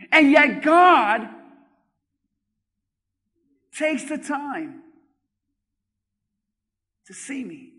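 High-voiced preacher in a reverberant hall. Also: male voice. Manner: swings from loud emphatic shouts to quiet drawn-out phrases. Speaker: pastor. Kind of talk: sermon. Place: church sanctuary. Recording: long reverb in a large hall.

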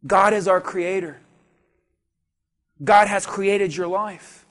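High-voiced preaching pastor, slow delivery. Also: male voice, steady tone. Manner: preaching with rising shouts and repeated phrases. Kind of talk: sermon. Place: church.

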